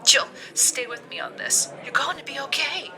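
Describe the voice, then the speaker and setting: A woman's voice: high-pitched, normal speed, bright, forceful tone, a faint crowd, voice pushed up. A woman voicing a supportive female friend on the phone, emphatic and encouraging.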